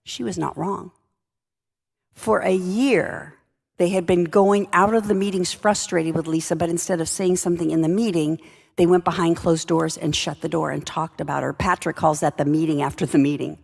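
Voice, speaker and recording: Speaking in a large hall with long reverb, a woman leadership speaker relates a workplace anecdote in a wry, conversational manner. Her voice is on the low side, steady in tone and normal in speed, creaky and a little mellow with a breathy edge.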